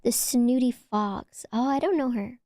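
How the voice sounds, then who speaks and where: A young woman with a Valley Girl accent chatting on her stream, talking loosely with lots of "like"s and sometimes dropping to a soft whisper. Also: unhurried, no room sound, studio quality. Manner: chatty, filler-heavy with many "like"s, dips into low whispers. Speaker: VTuber streamer. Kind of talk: casual chat stream.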